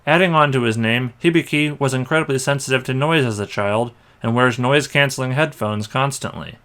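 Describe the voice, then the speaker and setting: A man's voice: mid-range voice, a little fast, fairly bright tone. Dry, sarcastic male movie reviewer. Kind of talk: scripted review voice-over.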